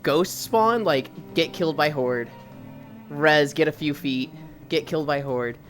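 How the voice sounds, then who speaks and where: A man's voice: on the high side, a little slow, fairly bright tone, faint music behind. A man streaming while walking on a treadmill, chatting and telling a long, rambling story with casual swearing.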